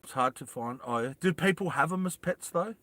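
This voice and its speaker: A man's voice: a little high, animated, a little fast, sharp tone, dry recording. A man hosting a live stream, chatting casually with viewers and reading their comments in a rambling, self-deprecating way. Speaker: livestream host.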